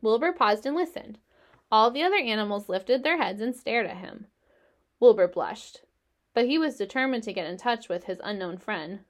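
A woman narrating a children's storybook in a gentle, expressive way. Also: a little high, normal speed. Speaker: reader.

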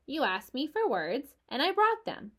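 A woman's voice: mid-range voice, lively intonation, normal speed, fairly bright tone. A woman voicing a grumbling, peevish male rat scavenger in a storybook read-aloud, with a raised voice.

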